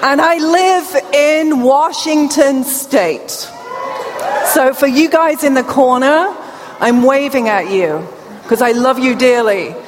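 A middle-aged woman from England with a British accent and a deaf accent, giving a lively conference keynote that engages the audience directly. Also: sits high, takes it slowly, noisy background. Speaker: keynote speaker. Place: large conference hall. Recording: reverberant hall with faint ambience.

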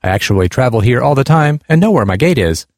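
A man's voice: medium pitch, lively intonation, quick pace, no room sound, studio quality, close to an everyday voice. A man reading the lines of a patient, good-humored blind woman traveler who stays polite but firm.

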